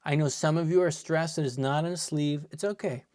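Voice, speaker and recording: A man's voice: a little high, fairly even intonation, brisk, a little mellow, no echo, clean studio sound. A man casually chatting on a live stream while opening packs, muttering to himself as he handles and sleeves cards. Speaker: card collector streaming pack openings.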